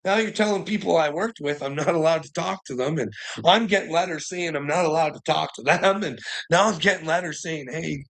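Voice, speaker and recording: A man's voice: fairly high pitch, a little fast, vocal fry, fairly bright tone. A man talking straight to camera in a rambling monologue, swearing constantly, agitated and often breaking into laughter. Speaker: vlogger.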